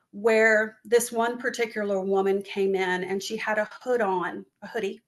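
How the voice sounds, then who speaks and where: A woman's voice: mid-range voice, normal speed, hardly any pauses, a bit bright. A woman who founded a relief charity, answering interview questions in an earnest, heartfelt way and acting out the words of people she quotes. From northwest North Carolina. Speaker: guest, business owner and charity founder. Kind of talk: interview answers, personal storytelling.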